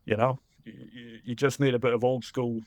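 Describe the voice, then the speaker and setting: A middle-aged man from Scotland with a Scottish accent softened by years abroad, speaking earnestly as a guest and repeating words for emphasis. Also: mid-range voice, flat delivery, moderate pace. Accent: Scottish, softened by years in New Zealand. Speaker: rugby writer, guest. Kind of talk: casual chat.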